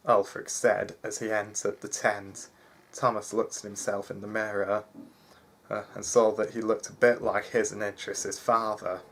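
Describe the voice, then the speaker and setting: A man reading a fantasy story aloud in a halting way, with frequent restarts. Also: on the low side, flat delivery, vocal fry. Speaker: narrator.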